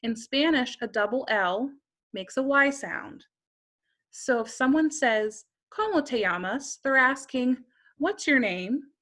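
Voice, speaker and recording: A woman's voice: high-pitched, animated, slow, a bit bright. A woman teaching a beginner Spanish lesson, carefully modeling each phrase and quizzing the listener.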